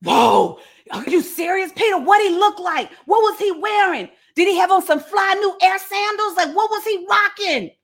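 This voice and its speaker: A woman voicing excited, baffled disciples who talk loud and slangy. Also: very high-pitched, moderate pace, few pauses, voice pushed up, heavily acted.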